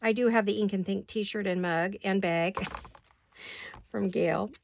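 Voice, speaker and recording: This woman's voice is medium-pitched, steady, slow and gravelly, with slight background noise behind it. She's a paper craft vlogger working in her home studio, talking casually to her viewers, thinking out loud and laughing readily.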